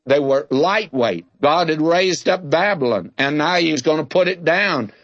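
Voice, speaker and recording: A man's voice: fairly high pitch, animated, moderate pace, a bit bright, dry recording, dull audio. An older man giving a folksy, conversational Bible teaching, drawing out key words for emphasis and telling humorous anecdotes.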